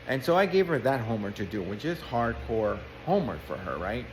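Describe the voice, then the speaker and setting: A man's voice: mid-range voice, big pitch swings, a little fast, few pauses, slight background noise. A man, a life coach, telling a client's story in an earnest, emphatic casual way.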